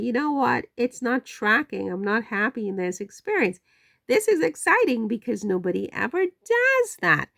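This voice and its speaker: A woman hosting a commentary channel, delivering a sarcastic, animated monologue and repeating words for effect. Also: medium pitch, vocal fry, dry recording.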